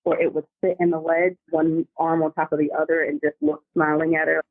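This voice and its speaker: Animated slangy woman telling spooky family stories, sounds like a phone call. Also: deep voice, a little fast, dry recording. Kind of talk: casual storytelling over the phone. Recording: dry tinny phone line.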